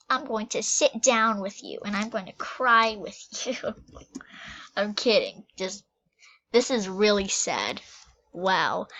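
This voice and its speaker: A woman giving playful, excitable commentary to herself as she plays a game, reacting loudly and trailing off into whispers. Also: medium pitch, muffled recording. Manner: giddy, playful, talks to herself while playing. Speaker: game vlogger. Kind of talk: casual gameplay commentary.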